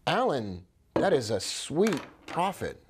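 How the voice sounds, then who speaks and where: A man's voice: mid-range voice, expressive, unhurried, background noise. A man giving live trading commentary, thinking aloud with upbeat exclamations and talking to viewers by name. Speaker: forex trader.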